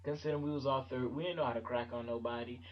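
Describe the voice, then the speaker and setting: A man telling a funny story in his vlog, talking in an animated, slangy way and jumping into voices. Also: medium pitch, very fast, highs cut off. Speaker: vlogger.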